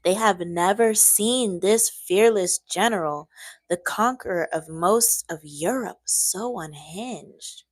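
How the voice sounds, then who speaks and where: A woman's voice: medium pitch, takes it slowly, no echo. A young woman reading a book aloud on a live stream, breaking off now and then to chat with viewers.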